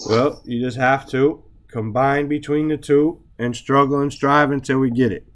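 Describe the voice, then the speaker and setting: A man teaching Arabic grammar in a relaxed way, stressing words for emphasis and often checking in with "right?". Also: mid-range voice, normal speed. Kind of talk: relaxed classroom explanation.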